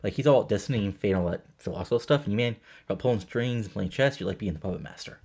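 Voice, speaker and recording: A man voicing an easygoing male wrestler who drawls in a relaxed, surfer-like way. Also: on the low side, racing, slightly rough. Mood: laid-back. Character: laid-back surfer-type male wrestler.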